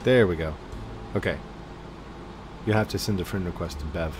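A young man hosting a casual game session with friends, chatty and quick to get loud and excited. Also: deep voice. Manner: chatty, gets loud and excited during play. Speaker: host gaming with friends. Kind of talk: casual gameplay chat. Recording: noisy home voice-chat recording.

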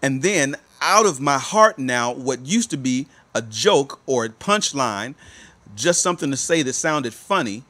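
A male life coach giving a motivational talk to listeners, repeating rhetorical questions and moving between soft, drawn-out phrases and emphatic ones. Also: mid-range voice, animated.

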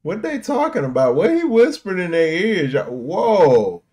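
Excitable high-voiced man reacting to a film. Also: a little slow. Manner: excitable, laughing, lots of slang. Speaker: movie reaction host. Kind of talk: casual reaction commentary.

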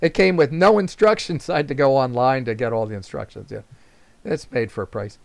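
A man's voice: medium pitch, fairly quick, gravelly, no echo. An older man, a retired teacher, telling casual rambling anecdotes at a club meeting, chuckling and using fillers. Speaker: invited speaker.

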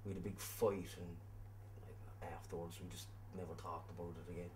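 An actor with a Cork accent playing a hot-tempered young jilted boyfriend who swears constantly. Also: male voice, low-pitched, little pitch movement, fairly quick, darkish tone, slight background noise, close to an everyday voice. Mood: rueful. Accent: Cork Irish. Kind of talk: film acting.

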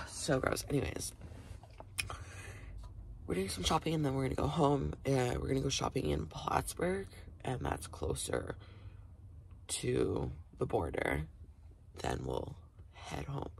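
A young man with a raspy voice, chatting casually to his vlog camera, swearing and dropping to whispers. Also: mid-range voice, lively intonation, slow, long pauses, slight background noise. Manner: frequent "like" fillers, swearing, drops to whispers. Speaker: vlogger.

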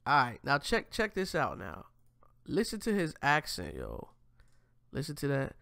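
A man talks through clips on his commentary show, speaking straight to his viewers in slangy, profane language. His voice is gravelly and swoops up and down with animated pitch. The recording is dry and close, with no room sound. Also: measured pace, no echo. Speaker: host. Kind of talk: casual commentary reacting to clips.

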